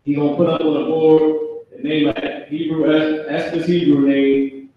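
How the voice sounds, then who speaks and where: A man teaching a live online language class, talking casually with slang and spelling out words slowly for students. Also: a little high, little pitch movement, distant mic, highs cut off, slight background noise. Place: classroom with a board. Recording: echoey room, off-mic.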